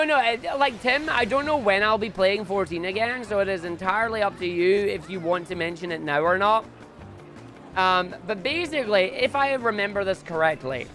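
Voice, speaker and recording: A young man chatting casually on a live stream, excitable and prone to loud bursts of enthusiasm. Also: high-pitched.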